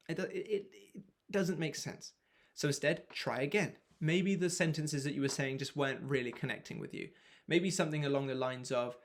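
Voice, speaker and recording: A man's voice: fairly high pitch, fairly quick, a bit bright. A man coaching viewers through a self-help method, asking rhetorical questions and sometimes swearing. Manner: frank, swears at times. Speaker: manifestation coach. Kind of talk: motivational self-help explainer.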